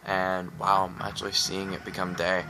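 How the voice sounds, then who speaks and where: A man's voice: deep voice, monotone, normal speed. A young man rambling into his webcam, worn out from lack of sleep, hyper and goofy, slipping into silly voices. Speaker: gaming YouTuber. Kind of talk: rambling casual vlog talk. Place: indoors at home, at night into dawn. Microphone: webcam close to the face. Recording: music playing behind.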